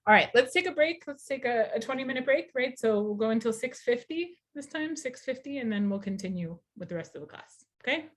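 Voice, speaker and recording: A woman's voice: a little high, animated, brisk, few pauses. A woman teacher talking in a conversational, explanatory way during a class discussion over a video call.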